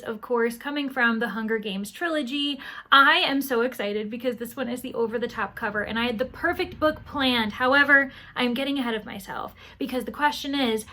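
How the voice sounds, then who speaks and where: A young woman vlogging about her reading, talking casually and gushing about the book with quick asides. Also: fairly high pitch, pushed and bright.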